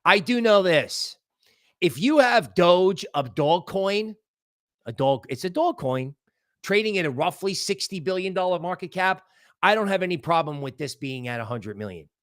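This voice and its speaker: A man hosting a crypto livestream, giving market commentary in an excitable, rambling way and thinking aloud as he goes. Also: high voice, normal speed, no echo, clean studio sound. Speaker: crypto channel host.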